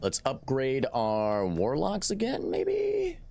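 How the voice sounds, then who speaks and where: A man streaming a strategy game live, commentating in an excitable, jokey way and often restarting his sentences. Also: on the low side, moderate pace. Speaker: gaming streamer.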